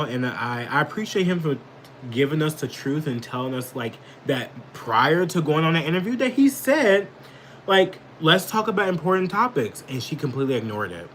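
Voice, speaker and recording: A man offers casual live political commentary, rambling, cursing, and angrily snapping back at chat comments. His medium-pitched voice is sing-song and a bit bright at a moderate pace, over a rough recording with some hiss or hum.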